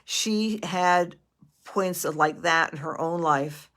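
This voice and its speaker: Gentle, halting woman psychic. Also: fairly low pitch. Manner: gentle and affectionate, calling viewers sweetie and honey; halting with many restarts and fillers. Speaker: astrologer and psychic medium. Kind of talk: live psychic reading to viewers.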